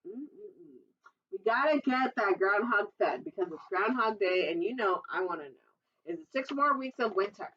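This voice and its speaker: A woman's voice: mid-range voice, animated, normal speed, far from the mic. A children's librarian, a woman, reading a picture book aloud at storytime and chatting playfully with the kids. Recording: dull lo-fi recording.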